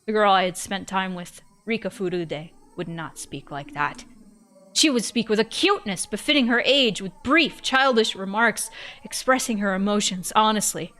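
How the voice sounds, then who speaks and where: A woman's voice: medium pitch, normal speed. Woman streamer reading a story aloud. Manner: expressive reading, breaks off for joking comments. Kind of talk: first-person narration with casual asides.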